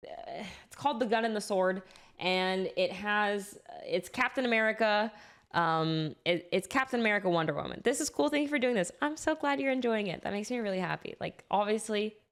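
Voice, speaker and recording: A young woman chats loosely to her stream audience at a mid-range pitch. She swears freely and restarts her sentences as she goes. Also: animated, a little fast. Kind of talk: casual live-stream chat.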